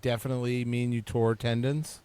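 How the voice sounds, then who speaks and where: A man co-hosting a sports podcast, chatting casually and cracking dry, deadpan jokes. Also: mid-range voice, fairly quick, clean tone, dry recording. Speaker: podcast co-host.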